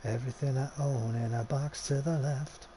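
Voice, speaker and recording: A man's voice: mid-range voice, steady tone, normal speed, noisy background. Chatty man streaming a game. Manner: chatty, swears casually, talks to himself. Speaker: gaming livestreamer. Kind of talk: casual let's-play commentary.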